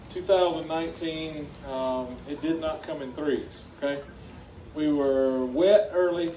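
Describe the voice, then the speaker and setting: A man's voice: fairly high pitch, warm tone, slight background noise. Folksy South Georgia man addressing a crowd. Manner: folksy, chatty, asks the crowd questions. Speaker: farmer giving a talk. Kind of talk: speech to a live audience. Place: meeting hall before an audience. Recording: echoey room, heard from a distance.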